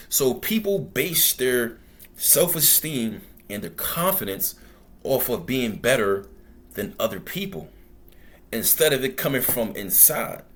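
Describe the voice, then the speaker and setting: A man hosting a commentary show, talking bluntly and profanely in a loose storytelling ramble. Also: medium pitch. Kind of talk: casual commentary monologue.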